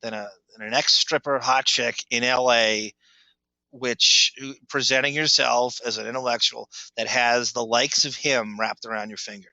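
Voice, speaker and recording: Man, very bright tone, dry close sound, slightly dull audio, emphatic podcast chat. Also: medium pitch, fairly even intonation, moderate pace, vocal fry, no echo. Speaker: podcast co-host. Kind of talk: casual chat.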